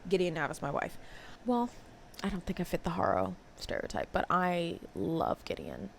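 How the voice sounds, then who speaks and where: A young woman vlogging about books in a casual, expressive way, with sarcastic asides and casual swearing. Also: lowish voice, normal speed, creaky, slight background noise. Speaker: book vlogger. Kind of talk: casual chat.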